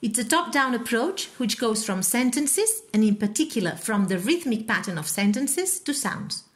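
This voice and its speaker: Brief: female university lecturer, steady explanatory read, slightly high pitch. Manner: measured, explanatory. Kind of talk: scripted course presentation.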